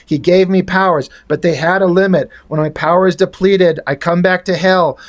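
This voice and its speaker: A man's voice: high-pitched, fairly even intonation, moderate pace. A man reviewing comic books in casual, rambling chat, frank and swearing freely.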